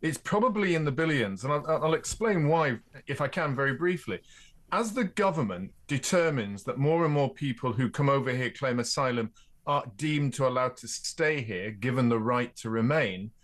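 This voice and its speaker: A man's voice: mid-range voice, animated, normal speed, a bit bright. An Englishman as a radio guest, explaining his case firmly and citing figures. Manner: firm, explanatory, cites figures. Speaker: studio guest, commentator. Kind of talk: talk radio discussion.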